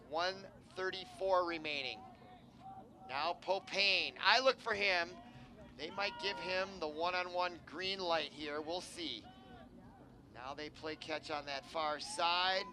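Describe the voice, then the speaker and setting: A man doing live play-by-play commentary at an outdoor game, chatty, with asides, and he gets louder on big plays. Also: sits high, a little slow, a little hiss or hum. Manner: chatty, rising excitement on plays, digressive asides. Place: outdoor sports field.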